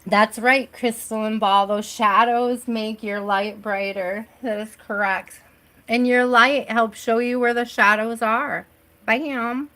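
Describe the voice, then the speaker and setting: A woman's voice: on the high side, fairly even intonation, takes it slowly, bright, forceful tone. A middle-aged woman hosting a live tarot stream from home, chatting casually and reassuringly and often checking in with "right?".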